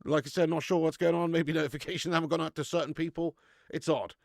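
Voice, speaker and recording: A man's voice: on the high side, flat delivery, fast, creaky, no room sound, clean studio sound. A man, hosting a casual live stream and bantering with viewers in a chatty, matey way, laughing often.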